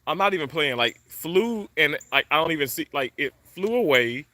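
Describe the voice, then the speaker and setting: A man's voice: fairly high pitch, animated, normal speed, bright, forceful tone, dry recording. A man chatting loosely with viewers during a livestream from his condo, rambling with many fillers. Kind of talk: casual live chat. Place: indoors in a condominium.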